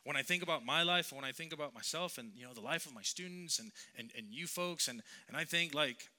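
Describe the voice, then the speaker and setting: Casual: youth pastor guy telling a sermon story, kinda rambling and earnest, bright sharp voice. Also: a little high. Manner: conversational, halting, earnest storyteller.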